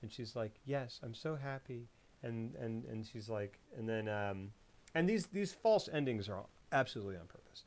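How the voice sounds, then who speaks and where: A man hosting a casual film podcast. He retells scenes with lively sound effects and voices. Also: on the low side, normal speed. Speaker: podcast host.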